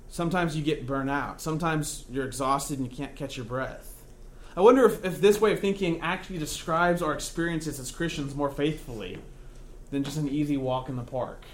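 A man's voice: a little high, a little hiss or hum. A man preaching a sermon to a congregation, casual and conversational with self-deprecating humor. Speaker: pastor. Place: church with live congregation.

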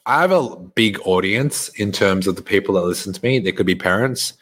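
A man's voice: lowish voice, fast, hardly any pauses, a bit bright. A young man hosting a podcast, giving a blunt, swearing motivational monologue. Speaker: podcast host.

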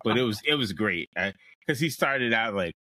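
A man's voice: lowish voice, lively intonation, moderate pace, sharp tone, no echo. A man co-hosting a podcast, chatting casually and animatedly about a movie, with fillers and laughs. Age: older than co-host. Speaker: podcast co-host.

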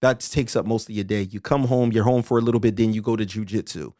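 Profane, animated man on a dry podcast mic. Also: fairly low pitch, fast, no room sound. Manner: animated, profane storytelling with slang. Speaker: podcast co-host. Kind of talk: casual podcast chat.

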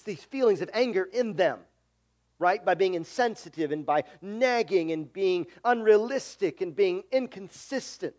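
A middle-aged man preaching a sermon as a pastor, earnest and conversational, often repeating himself. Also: high-pitched.

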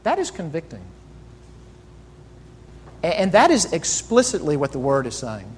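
A man's voice: fairly high pitch, wildly swooping pitch, a little slow, slightly rough, long reverb tail. A male pastor preaching a sermon earnestly, asking rhetorical questions and often repeating words as he goes.

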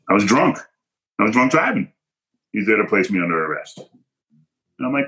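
Man, podcast guest, personal story, emphatic and punchy, slightly low voice, forceful tone. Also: a little fast, long pauses, poor audio. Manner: emphatic, punchy, acts out quoted dialogue.

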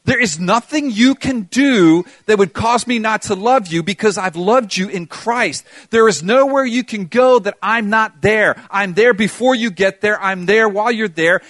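A man's voice: sits high, unhurried, hardly any pauses, dry recording. An older man, as a preacher, voicing God as a tender, reassuring fatherly spirit in a sermon. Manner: gentle and reassuring.

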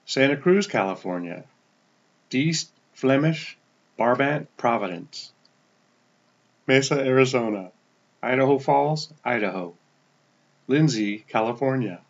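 Relaxed man reading out a place list. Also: unhurried, pauses often, dull audio. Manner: relaxed, stumbles over foreign names and apologizes; pitch drops at the end of each place name. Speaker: podcast host. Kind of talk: casual podcast update, reading a list of listener locations.

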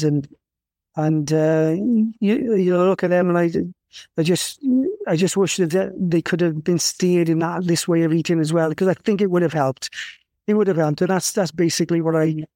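A man in his fifties from South Wales with a Welsh accent, a guest telling his story in a rambling, halting way with many restarts. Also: fairly high pitch, fairly even intonation, dark tone, dry recording, studio quality. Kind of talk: casual interview conversation.

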